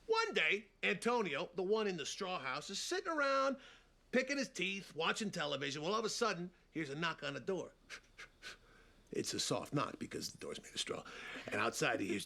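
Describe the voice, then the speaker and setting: Brash, animated New Jersey man. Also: high voice, a little fast, vocal fry. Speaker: relocated mobster telling children a story. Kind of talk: film comedy acting.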